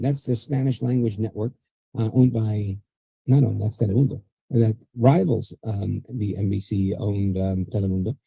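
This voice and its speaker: A man's voice: mid-range voice, creaky, dark tone, breathy edge, dry recording, muffled recording. A man hosting a political talk show, chatty and sarcastic, rambling with restarts. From USA. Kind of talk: casual political commentary.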